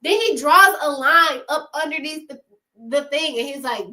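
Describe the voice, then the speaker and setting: A woman's voice: sits high, normal speed, sharp tone. A young woman talking casually to camera, giving emphatic, slangy motivational advice with frequent laughs.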